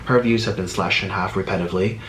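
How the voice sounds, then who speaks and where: A man's voice: low-pitched, steady tone, fast talker, fairly bright tone. Rambling man in an echoey room. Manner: rambling, self-interrupting, sarcastic asides. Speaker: YouTuber reacting to a video. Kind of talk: casual reaction commentary. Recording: echoey room with faint noise.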